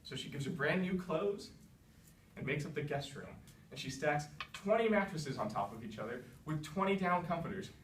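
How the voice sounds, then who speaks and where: A man's voice: on the high side, normal speed, a little hiss or hum. Wry man telling a comic fairy tale. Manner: wry, deadpan asides. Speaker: storyteller. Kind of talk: comedic fairy-tale retelling. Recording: roomy echo, distant mic.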